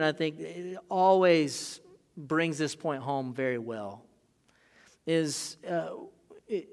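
A man in his thirties preaching a sermon as pastor, conversational and animated, acting out little scenes along the way. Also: on the high side. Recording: long hall reverb.

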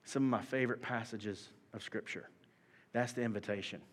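A man in his thirties preaching a sermon, animated and swinging from soft talk to shouting. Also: fairly low pitch, a little fast. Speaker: pastor. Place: church hall. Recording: long hall reverb.

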